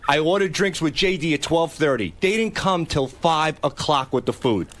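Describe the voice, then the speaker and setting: A man's voice: fairly high pitch, expressive, moderate pace, a bit bright. A man on a radio talk show telling a story of bad service. He is indignant, swears freely and acts out both sides of the conversations. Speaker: regular cast member on a radio talk show. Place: radio studio. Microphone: studio microphone.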